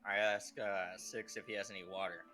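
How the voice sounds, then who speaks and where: A low-pitched man with a bright, sharp edge to his voice, tossing out short offhand lines as his character. Faint music sits behind him. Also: little pitch movement, moderate pace. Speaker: player.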